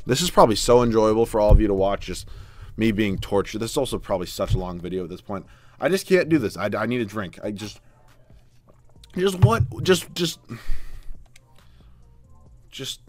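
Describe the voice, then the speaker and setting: A young man giving live video game commentary, exasperated and swinging from low muttering to loud yelling. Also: animated, fairly quick. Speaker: gaming YouTuber. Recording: dry close mic with faint background music.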